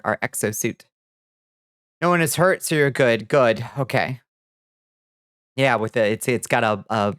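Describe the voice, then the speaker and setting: A woman's voice: extremely low pitch, smooth, no echo, clean studio sound. A woman streamer chatting casually with her viewers, laid-back and swearing freely as she greets people by name. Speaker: vtuber streamer. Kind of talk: casual livestream chat with viewers.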